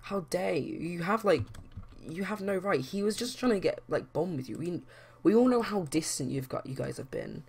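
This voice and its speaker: A woman's voice: extremely low pitch, expressive, a little fast, vocal fry, hardly any pauses, husky, heavily acted. A woman voicing another woman who scolds someone for insulting her friend in a life-sim game. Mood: scolding. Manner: scolding, sharp.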